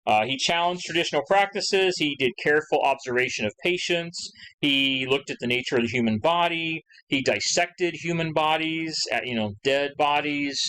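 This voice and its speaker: A man's voice: on the high side, normal speed, sharp tone, smooth, low-quality recording. A man giving a recorded history lecture in a conversational, rambling way, full of asides and fillers, acting out quoted questions with rising emphasis. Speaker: history teacher.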